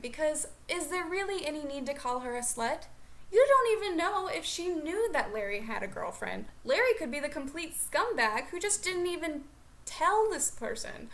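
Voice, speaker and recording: Young woman vlogging, high voice, chatty and animated, says like a lot. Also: moderate pace. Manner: chatty, animated, lots of "like" fillers. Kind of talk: comedic storytelling vlog.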